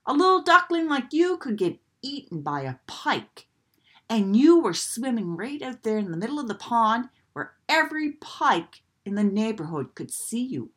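A woman's voice: fairly high pitch, big pitch swings, moderate pace, breathy edge. A woman voicing a wise old male duck who lectures and warns about dangers. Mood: warning. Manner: lecturing, warning.

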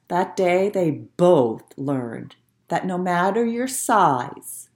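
A woman reading a rhyming storybook aloud in an expressive, playful way. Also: deep voice.

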